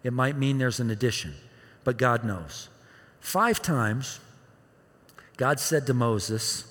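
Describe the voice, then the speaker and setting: Husky-voiced preaching man in a hall. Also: medium pitch, animated, a little slow, fairly bright tone. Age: 50s. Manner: preaching with dramatized quotes and audience questions. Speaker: pastor. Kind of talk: sermon. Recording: long hall reverb.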